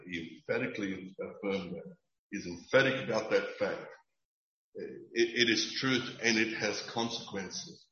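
A man preaching a sermon in an earnest, emphatic and measured way, with occasional restarts. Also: on the low side, a bit bright, echoey room, dull audio. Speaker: pastor.

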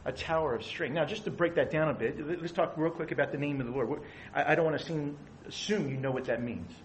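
A man's voice: on the high side, quick pace, a little hiss or hum, poor audio. A middle-aged man preaching a conversational sermon, asking his listeners questions. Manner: conversational, asks the audience questions. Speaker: pastor.

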